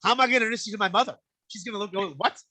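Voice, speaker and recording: Animated man telling stories, bright dry voice. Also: sits high, racing, no room sound. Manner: animated storyteller, acts out quoted voices, swears freely. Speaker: podcast guest. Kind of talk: casual storytelling chat.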